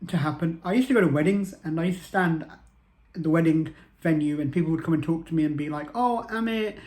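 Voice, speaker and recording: A man's voice: fairly high pitch, steady tone, fast, a little mellow. A man, telling a personal story to camera in an earnest way and repeating phrases for emphasis. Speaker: motivational vlogger.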